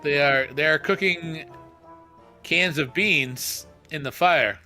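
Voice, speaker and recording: Bright-voiced man running a tabletop game. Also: fairly high pitch, slow, soft background music. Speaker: game master.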